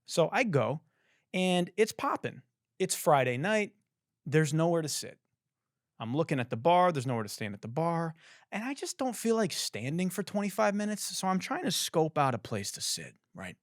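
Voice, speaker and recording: A man hosting a podcast, telling a comedic story in a profane, animated way and acting out the other people in it. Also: fairly high pitch, normal speed, dry recording, studio quality. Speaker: podcast host.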